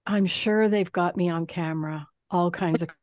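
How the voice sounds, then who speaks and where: Woman podcast co-host, lively storyteller who does the other voices, close and dry. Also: fairly low pitch, moderate pace, no room sound. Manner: animated storyteller, swears, mimics others. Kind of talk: casual chat.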